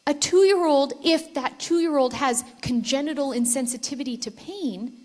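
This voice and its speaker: High-pitched woman presenter, engaging storyteller who quizzes the crowd at a conference. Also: normal speed, darkish tone. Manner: engaging, asks the audience questions. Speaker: conference speaker. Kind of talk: persuasive talk with storytelling. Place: conference hall with live audience.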